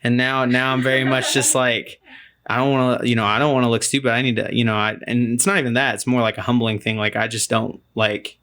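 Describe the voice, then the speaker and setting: A man talks loosely on a podcast, circling his points with lots of fillers. His voice has a gravelly edge at a middling pitch. He keeps a relaxed, rambling flow. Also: brisk. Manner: laid-back, rambling, many fillers and restarts. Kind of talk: casual podcast chat.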